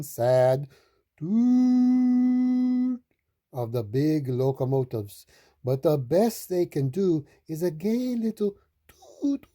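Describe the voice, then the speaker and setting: A woman reading children's picture books aloud in a slow, expressive, sing-song way. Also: a bass voice. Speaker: storytime reader.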